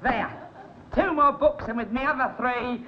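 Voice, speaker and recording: An actress playing a blunt, loud, warm-hearted housewife in a 1960s television sitcom. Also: female voice, a little slow, natural voice. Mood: brash. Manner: booming and blunt. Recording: dull old TV soundtrack with hiss.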